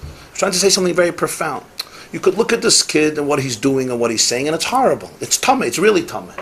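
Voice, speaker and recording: Rabbi lecturing a class, fairly high voice for a man, punchy repetitions, faint background hiss. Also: sing-song, fast talker, fairly bright tone. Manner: emphatic, repeats key phrases, mixes in Yiddish and Hebrew words.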